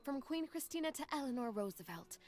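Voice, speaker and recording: A woman voicing an earnest young woman in a game, gently persuading a friend and reciting scripture. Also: high-pitched, lively intonation, brisk. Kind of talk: video game voice acting.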